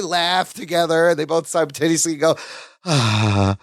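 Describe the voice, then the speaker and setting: A man co-hosts a relaxed podcast recap, his voice high and bouncing with lively swings of pitch. He slips in quick voices for the characters as he retells scenes. The sound is dry and close. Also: no echo. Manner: animated, acts out sitcom lines in quick impressions. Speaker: podcast co-host. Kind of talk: casual recap chat.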